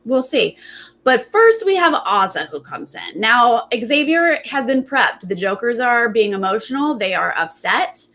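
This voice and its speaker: A woman talking casually as the host of a reality TV recap. She chats loosely and acts out quotes with big jumps in pitch. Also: sing-song, measured pace, pushed and bright. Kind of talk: casual commentary.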